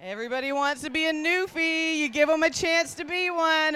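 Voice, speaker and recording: A woman with a Newfoundland accent preaches fervently as a pastor at a women's conference, exhorting a large room full of listeners. Her high voice holds a steady, sharp tone, moving fairly quickly with few pauses.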